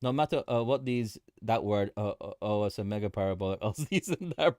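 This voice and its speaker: A man hosting a casual market commentary livestream, animated and joking, often repeating himself and laughing. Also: lowish voice, brisk, hardly any pauses, dry recording, clean studio sound. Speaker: livestream host.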